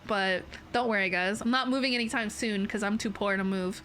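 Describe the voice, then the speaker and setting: A woman's voice: mid-range voice, fairly quick, few pauses, fairly bright tone, slight background noise. A young adult Canadian woman with a Canadian accent, chatting casually on a livestream from a bedroom setup, rambling playfully and laughing often. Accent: Canadian English. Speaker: VTuber streamer. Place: home streaming setup in a bedroom.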